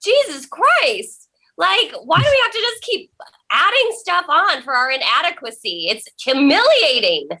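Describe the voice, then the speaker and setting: A woman's voice: extremely high pitch, big pitch swings, measured pace, pushed and bright. A woman hosting an online comedy show over a video call, tipsy, profane and self-mocking. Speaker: host.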